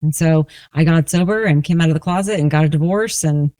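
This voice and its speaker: A woman in her forties from New Orleans, a resilience coach telling her personal story as a podcast guest in a slow, reflective, earnest way. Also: deep voice, dark tone, no echo. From New Orleans, USA.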